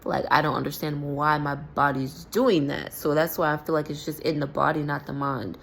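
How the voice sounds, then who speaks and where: A young woman with a notably low voice talks through a personal story in a loose, rambling way, stopping and restarting often. A faint hiss sits under the recording. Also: steady tone, moderate pace, creaky. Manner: rambling, filler-heavy, self-correcting. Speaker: spiritual vlogger. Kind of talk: casual storytelling monologue.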